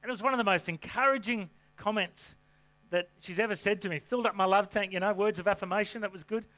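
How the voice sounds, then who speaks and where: Bright-voiced preacher. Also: male voice, sits high, fast talker. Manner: energetic, folksy, rhetorical questions. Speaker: pastor. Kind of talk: sermon. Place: church stage before a congregation.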